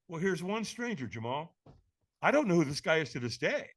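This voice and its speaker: High, lively-voiced man telling a story. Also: fairly quick. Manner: acts out other people's lines in the story; energetic, emphatic delivery. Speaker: podcast guest. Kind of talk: animated storytelling.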